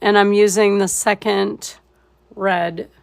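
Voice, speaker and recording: A woman talking through a live painting tutorial in a laid-back way and thinking aloud as she goes. Her voice has a gravelly fry, and she speaks slowly and unhurriedly. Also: medium pitch, level tone. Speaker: painting instructor.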